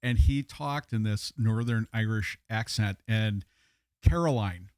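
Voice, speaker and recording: A man's voice: lowish voice, measured pace, darkish tone, no room sound, studio quality. A man co-hosting a podcast, telling stories in a rambling way with many fillers. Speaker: co-host. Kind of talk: casual chat.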